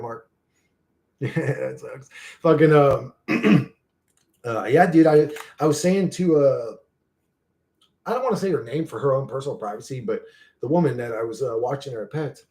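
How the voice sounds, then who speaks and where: A man with a notably high-pitched speaking voice rambles through a story in loose, casual chat. He swears constantly and keeps circling back on himself. His voice climbs and drops in excitable bursts as he gets worked up. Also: normal speed. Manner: excitable, rising and falling in bursts. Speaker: channel host.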